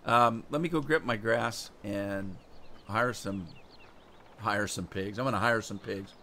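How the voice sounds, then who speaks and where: A man's voice: on the low side, a little slow, pushed and bright. A man casually chatting with his live chat while playing a game, rambling and answering questions as he goes. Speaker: gaming streamer. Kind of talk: casual live-stream commentary. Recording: noisy game audio behind.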